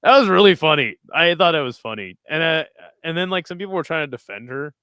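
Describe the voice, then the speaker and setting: Man, livestream host, casual fight-pick chat, rambling, swears a lot, smooth clean voice, dry close sound. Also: fairly high pitch, animated, fast talker, bright, forceful tone, dry recording. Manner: loose, profane, rambling. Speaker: host reading live chat.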